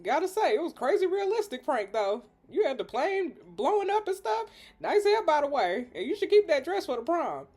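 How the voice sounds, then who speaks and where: A woman's voice: high-pitched, big pitch swings, moderate pace, a little mellow, soft background music. A young woman playing a story game, reading its lines aloud with giggly, slangy banter.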